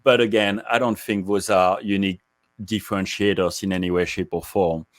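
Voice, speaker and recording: A man speaking as a podcast guest, measured and articulate as he explains his views. His voice sits low. The sound is close and dry. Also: fairly even intonation, no echo. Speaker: guest, market research executive. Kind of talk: interview answers.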